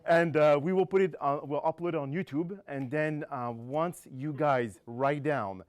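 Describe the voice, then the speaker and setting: A man hosting a comedy show, telling quick jokes and loosely rambling through announcements, laughing along. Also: a little high. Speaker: show host.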